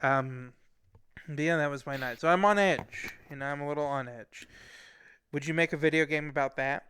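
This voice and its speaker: A man hosting a virtual reality talk show, talking in a deadpan, mock-serious way into a headset mic. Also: a little high, moderate pace, clear, resonant tone, no room sound.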